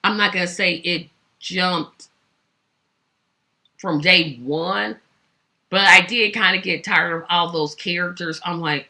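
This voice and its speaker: A host talks through old TV shows on her own, rambling with plenty of fillers and restarts as she shifts around with a sore back. Her fairly low voice is creaky, bright and forceful, with fairly even intonation and a slow pace.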